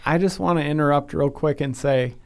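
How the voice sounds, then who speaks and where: A man's voice: a little high, fairly quick, smooth. A man hosting a podcast interview who talks in a friendly, self-deprecating and reflective way. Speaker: podcast host.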